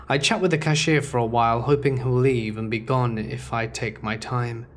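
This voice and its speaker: A man's voice: medium pitch, slight background noise. Man narrating scary stories. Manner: measured, steady first-person storytelling. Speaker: horror story narrator.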